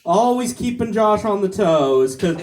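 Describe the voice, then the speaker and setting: A male stand-up comedian working a club stage. He talks slowly, stumbling through repeated fillers and restarts between punchlines. The sound is live club audio with the mic at some distance. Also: sits high, expressive, background noise. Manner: halting, with many repeated fillers.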